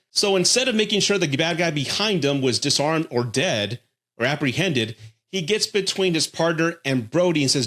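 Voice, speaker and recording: A man's voice: a little high, animated, moderate pace, a bit bright. A middle-aged man hosting a casual film review, talking enthusiastically and swearing freely.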